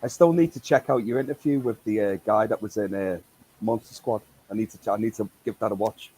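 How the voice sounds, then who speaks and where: A man's voice: lowish voice, fairly quick, darkish tone, slight background noise, poor audio. A man with a British accent joking and bantering on a casual live stream.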